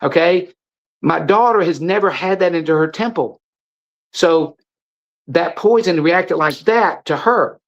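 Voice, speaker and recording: Speaking at a measured pace, a middle-aged man with a slightly high, gravelly voice holds forth as a guest. He sells supplements and preaches with fervor, repeating phrases and stumbling back to restart sentences. The audio is dull.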